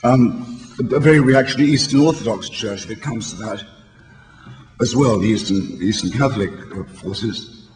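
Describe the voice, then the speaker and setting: A British man in his sixties gives an eloquent, wry, polemical speech to an audience, his voice hoarse and failing. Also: fairly low pitch, normal speed, darkish tone. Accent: British English. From England. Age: 60s. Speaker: speaker addressing a convention. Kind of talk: public speech. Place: large hall before an audience. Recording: reverberant hall with faint background noise.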